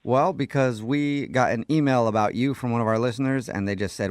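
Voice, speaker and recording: A man's voice: medium pitch, a little fast. A man co-hosting a morning radio show, joking and teasing in playful banter. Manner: playful, teasing, deadpan jokes. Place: radio studio.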